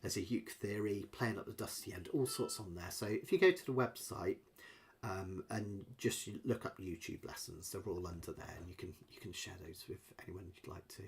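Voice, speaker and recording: Low-pitched and at normal speed, a middle-aged man's voice comes through with a little hiss or hum. He's a ukulele teacher hosting a live lesson Q&A from home, chatty and rambling, full of fillers and jokes at his own expense.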